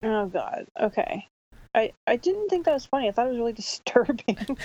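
A woman's voice: a little high, sing-song, normal speed, a little mellow. A woman co-hosting a podcast, joking sarcastically and swearing freely while discussing a film. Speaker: podcast co-host. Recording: dull, dry sound.

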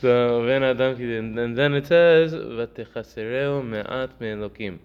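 A man teaches a casual Torah class in a medium-pitched, clear, resonant voice, speaking unhurriedly. He tells stories with many fillers and acts out the people in them. The recording is dull and lo-fi with faint noise.

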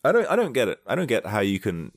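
A man's voice: fairly low pitch, huge pitch swings, fast talker, dry recording, clean studio sound. A man rambling sarcastically in a comedic monologue, now and then acting out quoted people in short bursts while sick with a mild illness.

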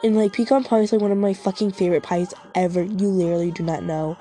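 A woman's voice: mid-range voice, fairly even intonation, fast, warm tone. A young woman rambling casually to herself, swearing a lot, making self-mocking asides, and short of breath.

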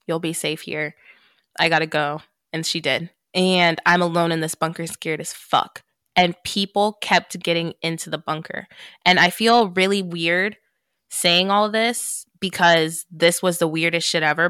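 A woman with a bright, forceful voice and a fairly low pitch talks casually as a podcast host. She tells a long story, swearing freely and laughing along the way. The sound is close and dry, with no room echo. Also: clear, resonant tone. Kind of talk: casual chat.

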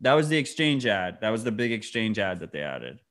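A man's voice: fairly low pitch, sing-song, brisk, a bit bright. A man in his thirties co-hosting a podcast, blunt and heated, swearing often in casual chat. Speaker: podcast co-host.

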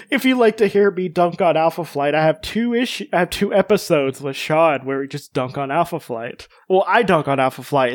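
A man's voice: on the high side, no echo, clean studio sound. A man hosting a podcast, chatting casually and jokingly with lots of fillers. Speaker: podcast host. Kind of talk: casual chat.

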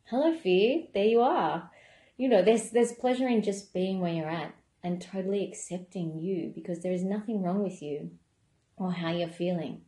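Mellow-voiced woman coach in an echoey room. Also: fairly low pitch, normal speed. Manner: calm, gentle, conversational, with many "you know" asides. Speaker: wellness coach running a membership program. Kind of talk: reflective self-help talk.

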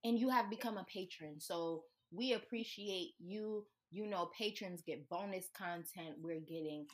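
A woman's voice: on the low side, unhurried. A woman hosting a podcast in casual chat, playful and joking as she reads out notes and teases her co-hosts. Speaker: podcast host.

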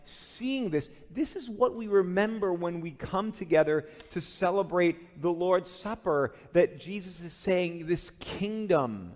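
Earnest pastor preaching in a reverberant church. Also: male voice, sits high, measured pace, few pauses. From Chicago area, USA. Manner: earnest, steps into quoted prayers addressing the Lord. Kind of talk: sermon. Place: church sanctuary during a communion service. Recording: long hall reverb.

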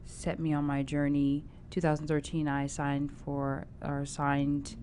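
A woman's voice: deep voice, completely flat delivery, unhurried, warm tone, a little hiss or hum. A woman actor being interviewed, chatting casually and stopping often to restart her thoughts. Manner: chatty, with many fillers and restarts. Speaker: actor guest.

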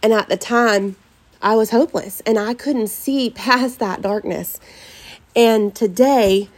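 A woman's voice: on the high side, slow. A middle-aged woman, a podcast host talking earnestly and from the heart about faith to her listeners. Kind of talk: personal faith talk to listeners.

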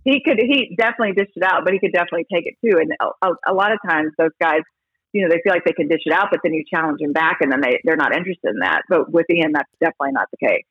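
A woman who reports on baseball broadcasts, chatting in an interview as an animated storyteller who restarts her sentences a lot. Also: sits low, rapid-fire, husky, no room sound, highs cut off. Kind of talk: casual interview talk.

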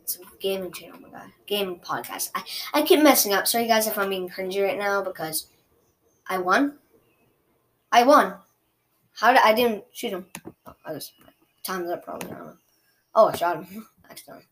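A young woman commenting live on her own gameplay, chatty and excitable, trash-talking her opponent. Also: medium pitch, quick pace, slight background noise. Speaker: gaming streamer.

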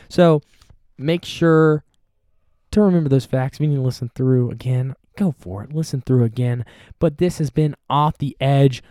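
A man's voice: mid-range voice, normal speed, dark tone, dry recording, clean studio sound. A young man hosting a casual solo podcast, rambling and self-deprecating as he chats. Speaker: podcast host.

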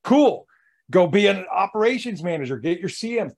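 A man's voice: high voice, sing-song, moderate pace, gravelly. A male podcast host talking with energy and emphasis, acting out little quotes as he makes his points. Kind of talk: casual podcast conversation.

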